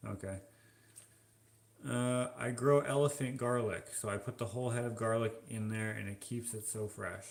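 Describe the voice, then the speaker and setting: A Canadian man vlogs casually while washing dishes, reading viewer comments aloud in an offhand, joking way. He speaks slowly and musingly in a mid-range, steady, creaky voice that sounds reverberant.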